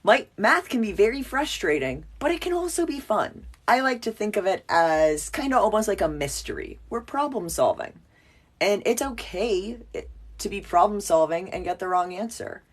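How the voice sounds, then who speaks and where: Her voice sits at a medium pitch, expressive and moving at a moderate pace. She's a math teacher working through a lighthearted whiteboard lesson, chatty and playful, with self-mocking asides along the way.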